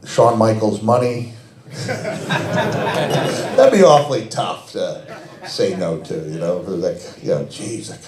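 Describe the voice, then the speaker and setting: A middle-aged man telling animated, self-mocking stories as a guest at a fan Q&A event, laughing often. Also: on the low side, takes it slowly, pauses often, crowd noise. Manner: animated, laughs often, many restarts and fillers. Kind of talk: anecdotal storytelling. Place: event hall with audience. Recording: echoey event hall.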